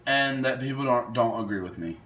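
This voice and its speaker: A man's voice: medium pitch, a little fast, a bit bright, slight background noise. A young man casually commenting while playing a would-you-rather game, thinking aloud and hesitating over his picks. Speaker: gaming video host.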